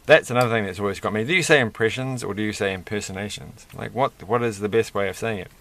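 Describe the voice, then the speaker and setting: A man's voice: fairly low pitch, fast, creaky, fairly bright tone, slight background noise. A man hosting a casual toy-building video, rambling and chatty with self-deprecating asides. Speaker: host.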